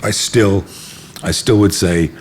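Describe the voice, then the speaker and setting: A middle-aged self-defense instructor with a low-pitched voice speaks slowly over slight background noise in a casual interview. He's an animated storyteller who acts out quotes and swears freely.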